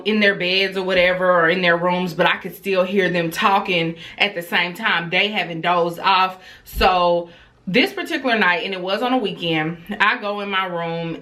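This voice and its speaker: Chatty woman telling a story to her viewers. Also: lowish voice. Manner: chatty and animated, addresses viewers as y'all; acts out quoted dialogue, dropping to a whisper for her child. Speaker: vlogger telling a family story. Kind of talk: casual storytime chat.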